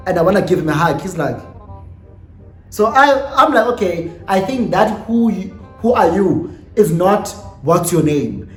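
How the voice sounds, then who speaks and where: A young South African man with a high, lively voice tells a storytime vlog in an animated, dramatic, sassy way, swearing as he goes. The recording has a roomy echo and faint music behind him.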